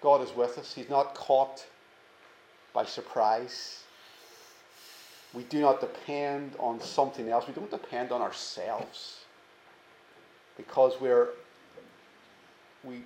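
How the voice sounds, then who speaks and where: A man preaching a sermon, earnest and emphatic, slowing down to stress key words. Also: medium pitch, warm tone, echoey room, a little hiss or hum, low-quality recording. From England.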